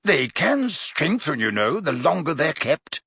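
A man's voice: fairly high pitch, very animated, measured pace, gravelly, sharp tone, slightly rough, dry recording, studio quality, heavily acted. Man doing a drowsy, pompous old professor. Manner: mumbling, drowsy. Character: sleepy pompous older male professor.

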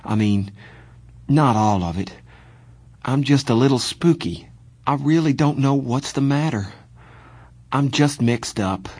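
A man's voice: medium pitch, lively intonation, a little slow, pauses often, a little mellow, husky, dry recording, pitched above the performer's own voice. A man reading an audiobook and voicing a scared, homesick fourteen-year-old boy who breaks into tearful outbursts. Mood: shaken. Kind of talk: audiobook character voice.

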